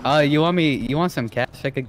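A man's voice: fairly high pitch, brisk, a crowd in the background, poor audio. A man playing in an online game roleplay, talking in a casual, teasing way. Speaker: fellow roleplay player on voice chat.

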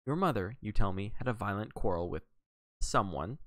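A man reading aloud and voicing a dry, measured older male lawyer laying out suspicions. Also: fairly low pitch, lively intonation, fairly bright tone, dry recording. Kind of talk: audiobook character reading.

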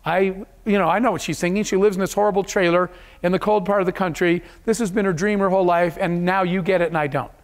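Man, high-pitched voice, motivational keynote speaker, earnest storytelling. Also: fairly even intonation, fast. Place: event hall.

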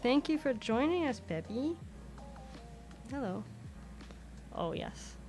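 A woman chats casually at her desk mic with a fairly high voice. She coaxes her cat in a bouncy, sing-song way that swings up and down. Soft music plays faintly behind her. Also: big pitch swings, slow pace. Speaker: streamer. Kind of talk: casual live-stream chat. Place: home desk. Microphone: desk microphone.

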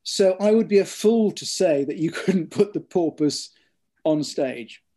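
A thoughtful author in an interview, his tone mellow and soft and his pitch a little elevated, brings lively intonation to his stories. He paces them carefully, often backing up to restart with ums and repeated words.

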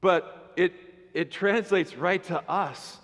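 A man preaching a sermon as pastor, animated and conversational, with playful asides to the congregation. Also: high-pitched, takes it slowly, long reverb tail. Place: church sanctuary.

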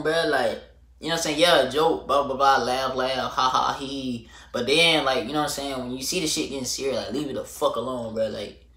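A young man telling a storytime vlog to camera, animated and slangy, swinging from loud rants to low muttering. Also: echoey room. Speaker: vlogger.

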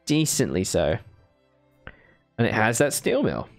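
A man's voice: on the low side, wildly swooping pitch, unhurried, vocal fry, faint music behind. A man live-streaming a strategy game, thinking aloud in a chatty way and thanking viewers with bursts of enthusiasm. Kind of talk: casual live-stream commentary.

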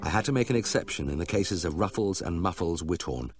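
A man's voice: deep voice, animated, brisk, soft background music. A man narrating an audiobook in a dry, wry storytelling manner. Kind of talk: scripted narration.

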